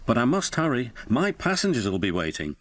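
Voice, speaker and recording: A man voicing a sensible, brisk engine who fusses in a quick, proper way. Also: mid-range voice, big pitch swings, a bit bright, no echo. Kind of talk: storybook narration.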